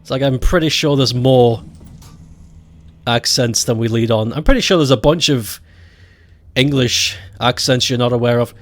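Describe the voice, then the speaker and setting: A man's voice: medium pitch, moderate pace. A man with a Scottish accent chatting casually as a game streamer, joking and laughing often. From Scotland. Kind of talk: casual chat while gaming.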